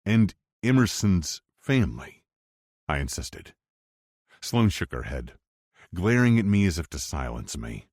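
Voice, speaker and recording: A man narrating a romance audiobook in the first person, with expressive storytelling. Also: very deep voice, a little slow, long pauses, slightly rough, dry recording, clean studio sound. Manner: expressive storytelling, wide swings for dialogue.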